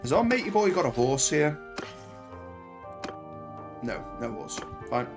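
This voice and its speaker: A man talks through his game playthrough in a chatty, bantering way, ribbing the soldiers on screen. His delivery is lively and animated, jumping up and down in pitch. Game music plays behind him. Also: a little slow. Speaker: gaming channel host. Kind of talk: let's play commentary.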